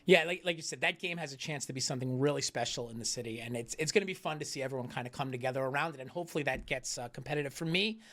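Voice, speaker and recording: A man's voice: medium pitch, fairly bright tone. A man co-hosting a casual sports talk show, joking about himself in an upbeat way. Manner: fast, upbeat, self-deprecating joking.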